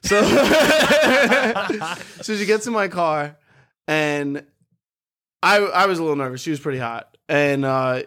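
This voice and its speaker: A man's voice: on the high side, expressive, slow, pushed and bright. Young man telling loose dating stories. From New York area. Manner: rambling storyteller, laughs through punchlines. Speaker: podcast co-host. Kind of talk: casual podcast chat.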